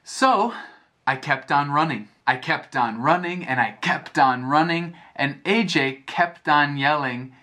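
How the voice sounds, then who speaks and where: Slow, clear-speaking American man teaching. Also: fairly high pitch, sharp tone. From United States. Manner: slow, clear, repeats phrases and explains them. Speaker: English teacher. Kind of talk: slow storytelling lesson for learners.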